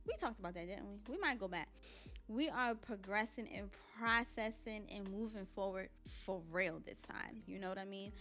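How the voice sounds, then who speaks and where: A woman's voice: medium pitch, sharp tone. A young woman hosting her own podcast, talking candidly and preachily straight to her listeners. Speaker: podcast host. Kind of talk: casual motivational monologue.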